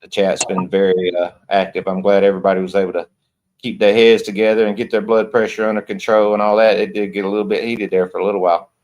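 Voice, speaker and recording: Folksy low-voiced man hosting a live stream. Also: level tone, fast, darkish tone, slight background noise, poor audio. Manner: folksy, repetitive and emphatic. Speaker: livestream host. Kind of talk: casual panel chat.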